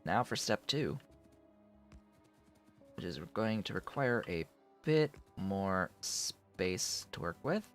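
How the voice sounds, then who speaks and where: A man's voice: on the low side, big pitch swings, slow, long pauses, a bit bright, faint music behind. A man casually thinking aloud as he streams a factory-building game, with playful asides. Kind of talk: casual gameplay commentary.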